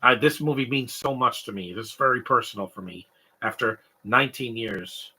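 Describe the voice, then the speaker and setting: A young man from Canada co-hosting a live stream, rambling through casual comedic chat. His voice is very bright and husky, and his talk is animated and digressive. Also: medium pitch, moderate pace. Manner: rambling, animated, mimics stutters and sobbing noises.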